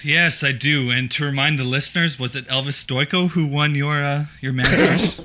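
Bright-voiced man joking on a podcast. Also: a little high, normal speed, low-quality recording. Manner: jokey, deadpan, laughs often. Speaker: podcast co-host. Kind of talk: casual podcast banter.

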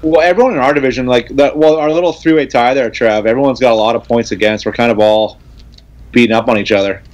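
A man in casual podcast chat, talking in a measured, slightly hesitant way. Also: mid-range voice, steady tone, lo-fi sound.

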